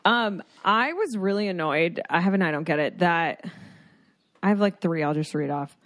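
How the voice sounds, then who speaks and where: A woman's voice: lowish voice, expressive, normal speed, a bit bright, dry recording, studio quality. A woman co-hosting a podcast, chatting casually in a blunt, opinionated way and swearing freely. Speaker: podcast co-host. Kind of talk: casual chat.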